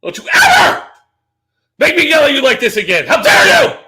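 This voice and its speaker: A man doing a comic impression of a brash, boastful wrestling-promo ranter, bellowing and scolding with a gravelly shout. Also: extremely high pitch, very animated, a little slow, a little hiss or hum, heavily acted.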